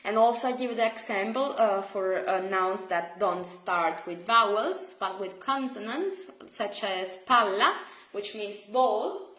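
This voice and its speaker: A woman teaching an online language lesson, explaining patiently with pauses and self-corrections. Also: medium pitch, lively intonation, fairly bright tone. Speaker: Italian teacher. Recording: roomy echo.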